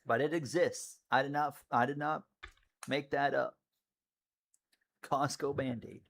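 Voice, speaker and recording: A man giving casual live commentary on his racing game and chatting with viewers, rambling easily and breaking into loud excited yelling at close moments. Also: medium pitch, unhurried, vocal fry.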